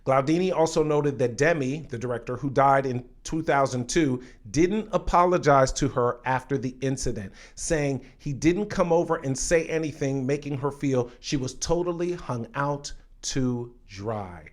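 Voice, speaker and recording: A man's voice: medium pitch, normal speed, few pauses. A man teaching an online acting lesson. He talks emphatically and straight to the viewer, breaking off now and then to read aloud from an article. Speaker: acting coach.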